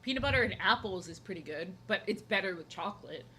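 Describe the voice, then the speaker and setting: A young woman talks while she draws at home, wandering from joke to joke and breaking off her own sentences. Her voice is bright and sits at a middling pitch. Faint noise hums underneath. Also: lively intonation, quick pace. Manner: rambling, jokey, self-interrupting. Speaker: art streamer. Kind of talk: casual chat while drawing. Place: home, seated at desk.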